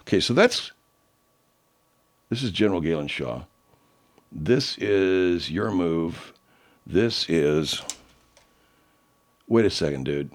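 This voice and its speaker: Male host, low and lively voice, loose laid-back chatter, swears freely. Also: takes it slowly, pauses often. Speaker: show host playing listener submissions. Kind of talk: casual chat.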